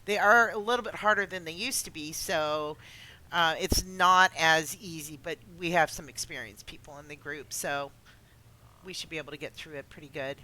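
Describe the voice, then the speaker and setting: A woman hosting a casual chat, talking in a chatty way with many uhs and halting starts. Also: low voice, bright, forceful tone. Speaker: host.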